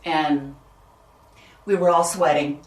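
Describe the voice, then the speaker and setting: A woman guest speaker in a casual interview, telling stories in an upbeat, animated way. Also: sits low, slow pace, distant mic, noisy background. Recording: echoey room, off-mic.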